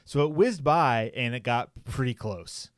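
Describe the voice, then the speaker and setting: A man's voice: medium pitch, expressive, a little slow, dry recording, studio quality. A man co-hosting a podcast, casually reading a news article aloud, with frequent fillers and joking asides. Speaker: podcast co-host.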